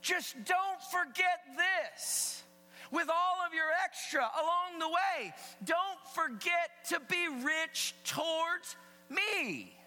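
A man preaching as God, insistent and commanding, voice pushed high and very bright, loud emphatic lines ringing through a hall with a long echo. A faint mains hum sits underneath. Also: expressive, slow pace, full character voice. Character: God speaking to people, male, insistent and commanding.

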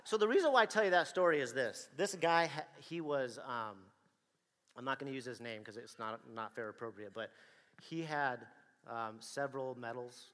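A man telling a personal story to an audience in a dramatic, animated way, acting out the dialogue and the action. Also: mid-range voice, normal speed, big-room sound.

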